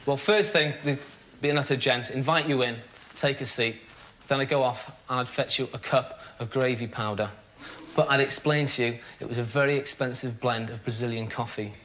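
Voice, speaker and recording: A man's voice: medium pitch, steady tone, moderate pace, fairly bright tone, a little hiss or hum. A man from Wales, a contestant telling a jokey answer.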